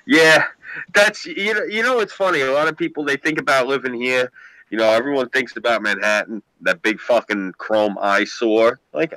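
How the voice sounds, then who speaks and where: A man chatting casually with friends on a group call, animated and swearing freely. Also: mid-range voice, moderate pace, no echo, low-quality recording. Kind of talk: casual chat.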